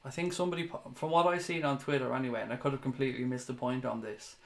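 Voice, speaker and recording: A man's voice: mid-range voice, fairly even intonation, racing, vocal fry. Chatty man. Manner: chatty, swears casually, laughs at himself. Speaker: fan show host reading viewer comments. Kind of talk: casual livestream chat.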